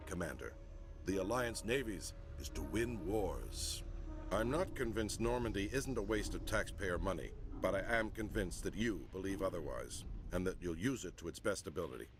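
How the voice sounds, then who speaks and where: An actor playing a stern, skeptical military officer in a video game, clipped and challenging. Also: male voice, lowish voice, a little hiss or hum.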